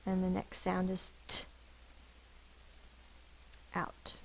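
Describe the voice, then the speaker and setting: Woman teacher, gravelly edge, slow and careful, walks young kids through spelling sounds. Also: lowish voice, monotone, slight background noise, poor audio. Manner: slow, deliberate sounding out of words. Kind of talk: phonics spelling lesson.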